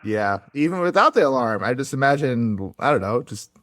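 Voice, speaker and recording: A man's voice: medium pitch, animated, normal speed, background noise. A man co-hosting a podcast, telling a history story casually and playfully, with goofy whoops thrown in. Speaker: podcast co-host.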